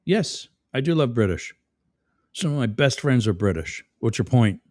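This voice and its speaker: A man's voice: medium pitch, very animated, moderate pace, darkish tone, dry recording, clean studio sound. A man hosting a live stream, reading chat comments aloud and mocking the commenters sarcastically. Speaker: livestream host.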